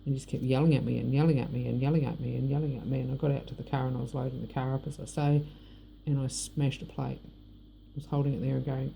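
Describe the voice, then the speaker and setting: Gravelly, dark-voiced New Zealand woman. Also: extremely low pitch, fairly even intonation, quick pace, a little hiss or hum. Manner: blunt, rambling, frank with swearing. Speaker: vlogger. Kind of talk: personal monologue.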